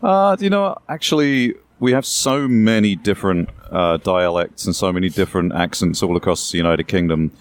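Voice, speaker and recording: A man's voice: deep voice, normal speed, few pauses. An English man being interviewed, explaining things at length in a conversational way with asides and a bit of hyperbole. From England. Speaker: guest.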